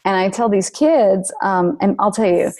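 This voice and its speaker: Earnest, animated woman author, guest on a podcast. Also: medium pitch, normal speed. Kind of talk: podcast interview.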